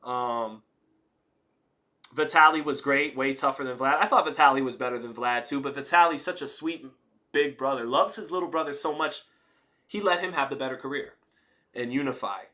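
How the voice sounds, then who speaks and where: Bright-toned dude reading chat on his fight stream, laid-back, flips between college-guy talk and slang. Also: mid-range voice, normal speed. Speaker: livestream host reading chat. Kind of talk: casual live commentary chat.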